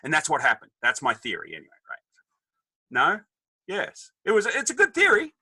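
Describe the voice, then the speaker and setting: Australian man in his fifties, jokey guest storyteller, piercing bright tone. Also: a little high, normal speed, breathy edge, dry recording, low-quality recording. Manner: animated, joking storyteller acting out dialogue. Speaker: podcast guest. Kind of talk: casual storytelling.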